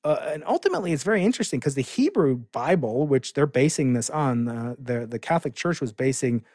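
A middle-aged man chats as a podcast guest with lively, eager storytelling that is full of restarts and little fillers. His voice sits at an ordinary pitch for a man. It is recorded close and dry, with no room sound. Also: brisk, no echo. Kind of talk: casual podcast conversation.

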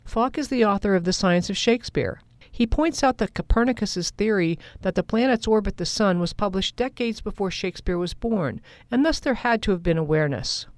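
A woman's voice: mid-range voice, lively intonation, a little fast, no room sound. A woman radio reporter narrating a scripted feature in a composed manner.

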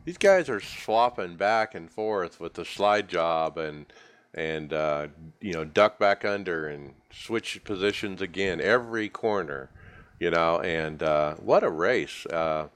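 A man hosting a sim racing podcast in a relaxed, casual way, handing topics off to his co-hosts. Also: low voice, slow, clean tone. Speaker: podcast host.

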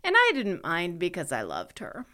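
A middle-aged woman from California co-hosting a podcast, reading her segments in a wry, brisk way. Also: on the low side, wildly swooping pitch, sharp tone. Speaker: podcast co-host. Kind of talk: scripted podcast chat.

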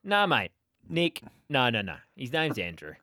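A man's voice: medium pitch, huge pitch swings, a little slow, bright, forceful tone. A man with an Australian accent hosting a sports radio show, teasing his co-hosts in casual banter.

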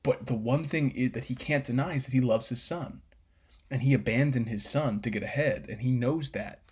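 A man's voice: medium pitch, moderate pace, darkish tone, husky. A man casually breaking down a film scene, rambling with fillers and swearing.

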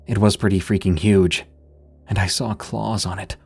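A man voicing a nervous, half-joking teenage boy in a horror story, in a low husky voice. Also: steady tone, normal speed, faint music behind, exaggerated voice. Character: jittery teenage boy trick-or-treating.

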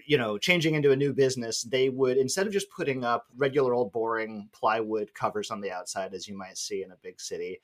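A man's voice: mid-range voice, fairly quick, few pauses. A man co-hosting a podcast, telling a casual rambling story with fillers and self-deprecating asides. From San Francisco Bay Area. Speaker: podcast co-host.

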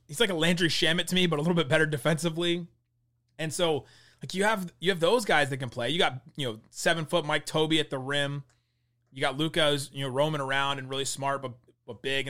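A man's voice: fairly high pitch, bright, forceful tone. A young man hosting a basketball show, rambling through a casual game breakdown and laughing mid-sentence. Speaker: basketball podcast host. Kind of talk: casual sports analysis.

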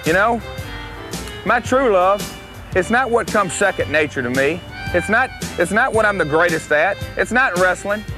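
A man's voice: high voice, animated, moderate pace, voice pushed up. A man with a Tennessee twang playing a cocky young wrestler who dreams of being a country star, in an archival promo vignette. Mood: boastful. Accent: Southern US, Tennessee. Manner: boastful, sneering, twangy drawl. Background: country guitar music.

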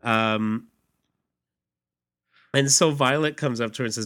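A man's voice: medium pitch, unhurried, fairly bright tone. A man in casual chat, retelling a comic's story and acting out its lines, laughing often. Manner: laughs often, acts out lines in mock voices. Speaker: podcast host reading a comic aloud. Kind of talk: casual chat, reading dialogue.

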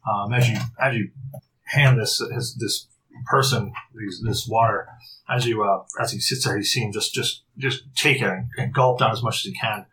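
A man narrating a tabletop role-playing game as game master, halting, with frequent restarts and fillers. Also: fairly low pitch, fairly even intonation, bright, forceful tone, slight background noise, low-quality recording.

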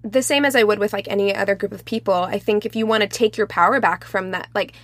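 A woman's voice: mid-range voice, fairly even intonation, quick pace, no room sound. A woman co-hosting a casual podcast discussion, emphatic, thinking aloud with restarts. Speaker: podcast co-host.

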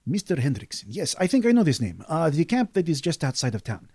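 A man's voice: on the high side, big pitch swings, a little fast, a little mellow, husky, no room sound, pitched above the performer's own voice, heavily acted. A man voicing an eager male water seller who greets travelers in the desert.

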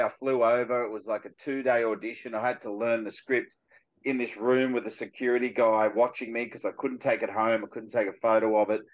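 Animated Australian actor telling stories. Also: male voice, medium pitch, dull audio. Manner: animated storyteller who acts out quoted voices. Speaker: actor guest. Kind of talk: casual radio chat.

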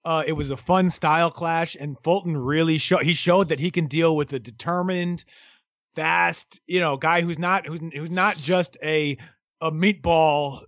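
High-voiced man talking boxing, halting. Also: fairly even intonation, fairly bright tone, no room sound, muffled recording. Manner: hesitant, many fillers and restarts, laughs easily. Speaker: boxing analyst co-host. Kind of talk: casual sports talk.

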